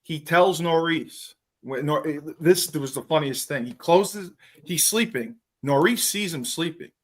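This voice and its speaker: A man hosting a podcast, telling profane, animated stories and acting out what others said in casual chat. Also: fairly high pitch, unhurried. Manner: profane, animated storytelling with acted quotes. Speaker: podcast host.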